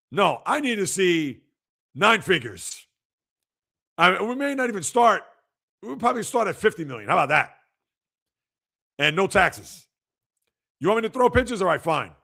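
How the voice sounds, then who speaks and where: A man hosting a live sports podcast, reacting to news and reading out viewer comments in an animated, chatty way. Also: fairly high pitch, vocal fry. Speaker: podcast host.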